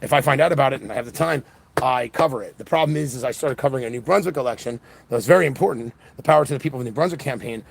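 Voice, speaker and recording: An exhausted man around forty rushes through a rambling monologue, his voice gravelly and low-edged. He jumps between thoughts, restarts sentences and piles on fillers. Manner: fast, scattered, many restarts and fillers. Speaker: independent political livestreamer. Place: outdoor punk festival.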